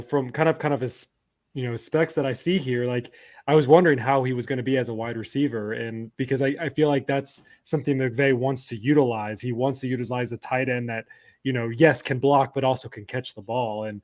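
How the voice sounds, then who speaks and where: A man co-hosting a casual podcast, thinking aloud in a relaxed way with a few fillers. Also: medium pitch, a little fast. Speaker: podcast co-host.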